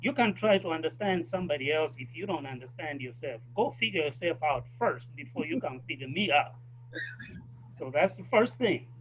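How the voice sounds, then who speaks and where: A man with a South African accent makes his points thoughtfully and with emphasis. His voice is notably high for a man. The sound is muffled and lo-fi, with a faint hum underneath. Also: animated, moderate pace. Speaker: guest. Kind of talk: casual conversation.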